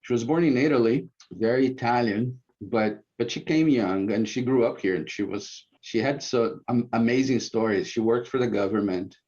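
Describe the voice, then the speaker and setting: A man, a former bishop, telling stories at a church gathering in a casual, animated way, acting out quoted lines loudly. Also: mid-range voice, normal speed, few pauses. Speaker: former bishop sharing ward memories. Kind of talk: informal reminiscing talk. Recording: muffled lo-fi recording.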